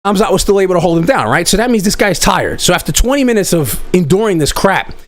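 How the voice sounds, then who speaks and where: A man's voice: high voice, animated, fast, dry recording. A man hosting a live online chat, giving blunt, profane, rambling commentary on a fight. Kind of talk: casual livestream commentary.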